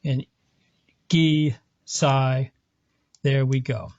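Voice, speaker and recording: A man's voice: medium pitch, drawn-out words, a little mellow, muffled recording. A man teaching Latin in a screen lecture, explaining patiently step by step with small self-corrections. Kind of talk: screen lecture walking through an example.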